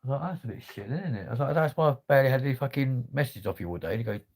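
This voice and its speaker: A man's voice: mid-range voice, expressive, very fast, darkish tone, husky. A man chatting casually on a livestream, swearing freely in laddish banter. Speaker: livestream host.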